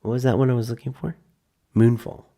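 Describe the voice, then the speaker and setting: A man's voice: mid-range voice, flat delivery, fast talker, warm tone. A man hosting a live stream, chatting casually and joking sarcastically while he reads out film synopses. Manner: rambling, jokey and sarcastic, reading film synopses aloud. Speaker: host.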